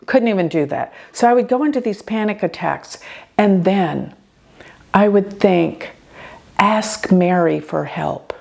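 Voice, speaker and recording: An older woman hosting an astrology show, telling a personal story in an earnest, expressive way. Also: medium pitch, measured pace, creaky. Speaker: astrologer host.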